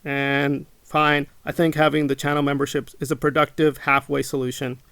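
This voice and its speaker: A man's voice: a little high, little pitch movement, normal speed, gravelly, a bit bright, smooth, no echo. A man hosting his own channel, talking indignantly to camera, repeating his points and mocking his critics. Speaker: channel host. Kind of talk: monologue to camera.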